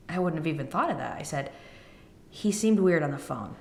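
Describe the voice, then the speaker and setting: Low-pitched woman telling her own story, roomy echo, gets emotional. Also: expressive, fairly quick, vocal fry, a little mellow. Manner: emotional, quotes others in retelling. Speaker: podcast host. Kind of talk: personal storytelling.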